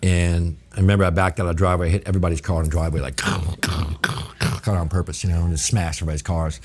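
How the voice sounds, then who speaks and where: Deep-voiced, profane man telling stories. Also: quick pace, breathy edge. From New Orleans. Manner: profane, animated, acts out quoted exchanges. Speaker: guest chef. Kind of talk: casual storytelling.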